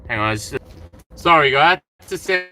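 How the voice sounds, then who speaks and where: An animated man hosting a casual live stream, rambling freely and calling out to viewers by name. His voice is bright and lively, jumping around in pitch. He sounds like he is from Australia. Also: a little fast.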